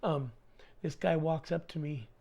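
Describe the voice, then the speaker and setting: A middle-aged man, a podcast guest, telling his life story in casual talk, slangy and animated, acting out the dialogue. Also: a little high, a little slow, creaky.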